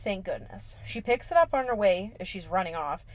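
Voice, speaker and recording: A young woman co-hosts a casual podcast, recapping a horror film in a sassy, slangy way. Her voice sits at an ordinary middle pitch. She swears freely and drops in playful asides. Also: animated, fairly quick. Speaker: podcast co-host.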